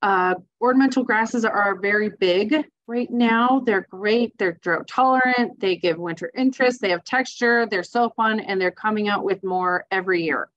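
A woman's voice: medium pitch, normal speed, hardly any pauses, fairly bright tone. Chatty woman presenting on landscape design. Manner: chatty, enthusiastic, many fillers. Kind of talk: casual slideshow presentation. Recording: dull lo-fi sound.

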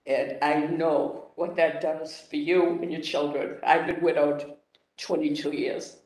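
A man speaking as a councilor at a hearing, emotional and halting, rambling with restarts. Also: fairly high pitch, flat delivery, darkish tone. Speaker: city councilor. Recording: echoey room, off-mic.

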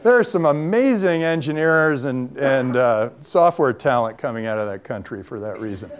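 A man telling lively stories at a lecture, acting out bits of dialogue as he goes. His voice sits in a middle pitch, and he often pauses with ums and starts his sentences over. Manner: lively storyteller who acts out quoted dialogue; frequent ums and restarts. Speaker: venture capitalist giving a talk. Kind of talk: anecdotal lecture to students.

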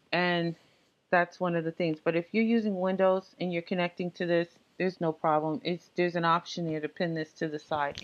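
A woman with a lowish voice talks through a software setup screencast in a relaxed, instructive way, pausing often on ums and uhs. The recording sounds dull and lo-fi. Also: a little hiss or hum. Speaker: software tutorial presenter. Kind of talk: screencast tech tutorial.

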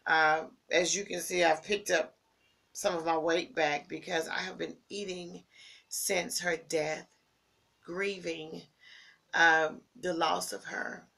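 A grieving woman giving a heartfelt personal tribute, slow and near tears, repeating her phrases and dropping at times into breathy whispers. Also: fairly low pitch, level tone, sharp tone. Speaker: vlogger sharing a personal tribute. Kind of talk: emotional personal monologue.

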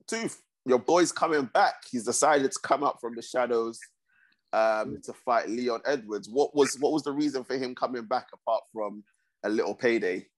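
A man hosting a casual sports podcast, talking in a steady, measured way. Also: medium pitch. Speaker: podcast host.

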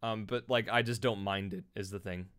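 A man's voice: lowish voice, steady tone, moderate pace, fairly bright tone, smooth. Rambling, self-deprecating male streamer. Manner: rambling, self-deprecating, many fillers and restarts. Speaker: streamer and voice actor. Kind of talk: casual stream chat answering viewers.

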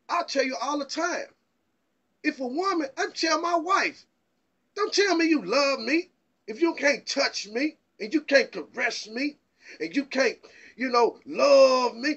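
An excitable man preaching informally from the Bible, stammering over repeated words and pressing rhetorical questions. His voice sits high and gravelly with a husky edge. The recording is muffled and lo-fi. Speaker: Bible teacher.

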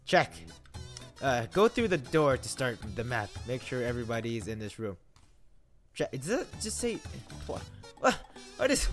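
A young man doing jokey horror game commentary, rambling to himself and yelping when startled. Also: medium pitch. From Philippines. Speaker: gaming YouTuber.

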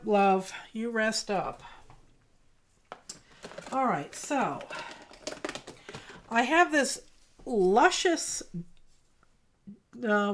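Slow-talking woman hosting an art livestream. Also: on the high side. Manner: chatty, greets viewers by name, soft and tender. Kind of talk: casual livestream chat while painting.

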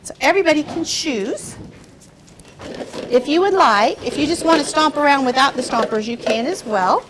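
A woman's voice: high voice, lively intonation, normal speed, heavy background noise. A young woman hosting a children's show, teaching young kids in a patient, encouraging way and asking them questions.

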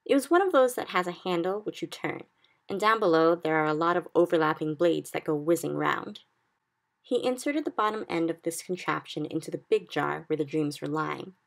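Low gravelly woman reading a story. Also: animated, a little fast. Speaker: reader. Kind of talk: storybook read-aloud.

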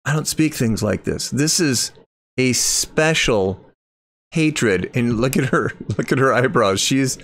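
A man's voice: medium pitch, lively intonation, takes it slowly, fairly bright tone. A man commenting on a video clip, incredulous and critical, rambling and restarting his sentences.

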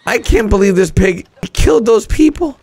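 A young man commentating on gameplay clips with excited outbursts and shouts. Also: high voice, moderate pace, faint music behind. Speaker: gaming commentator.

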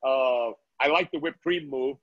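A man's voice: mid-range voice, measured pace, dry recording, lo-fi sound. A man, a guest chef from Brooklyn, chatting casually on a video call from his restaurant, telling stories with many "uh"s and "right?"s. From Brooklyn, New York.

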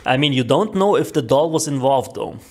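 A man streaming live and reacting to videos, excitable and profane, often stammering and restarting his sentences. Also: mid-range voice, brisk, noisy background.

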